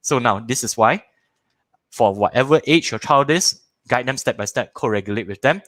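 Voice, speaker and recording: A man's voice: mid-range voice, normal speed, dry recording. A man in his thirties with a Malaysian English accent teaching a live online parenting workshop, repeating words for emphasis and acting out little scenes in different voices. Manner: animated, acts out little scenes in shifting voices.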